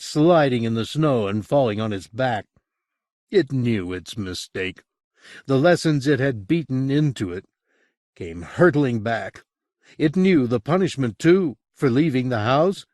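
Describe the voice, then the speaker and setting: A male narrator reads a horror story aloud in a lively, expressive manner. He takes his time, with a mid-range voice. The sound is dry and close. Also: medium pitch, no room sound. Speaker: audiobook narrator. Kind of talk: scripted narration.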